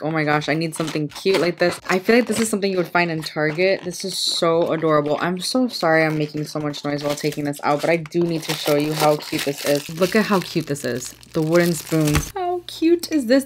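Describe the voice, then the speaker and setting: A young American woman vlogging a product unboxing, excitable and gushing, reading the product blurbs aloud. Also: sits low, slight background noise. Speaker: beauty vlogger.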